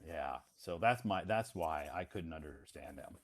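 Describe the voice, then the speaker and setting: Deep-voiced American man chatting casually. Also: lively intonation, a little slow. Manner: chatty, laughs often, repeats words for a learner. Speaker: English teacher host. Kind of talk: casual conversational interview. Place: lives in Beijing.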